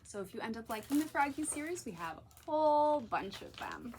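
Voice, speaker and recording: Woman librarian at story time, lively voice and fairly high pitch. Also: a little fast, a little hiss or hum. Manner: animated, talks to children directly. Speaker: children's librarian. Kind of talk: picture-book story time read-aloud.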